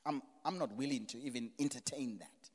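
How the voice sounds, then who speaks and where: A middle-aged man preaching a sermon as pastor, moving from quiet asides to loud exclamations. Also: mid-range voice, fairly quick. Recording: reverberant hall.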